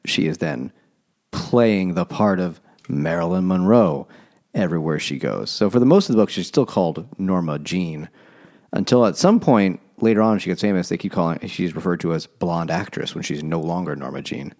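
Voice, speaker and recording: Deep-voiced man in casual podcast chat. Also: lively intonation, moderate pace, a little mellow. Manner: laid-back, swears freely. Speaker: podcast co-host. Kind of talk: casual chat about a book.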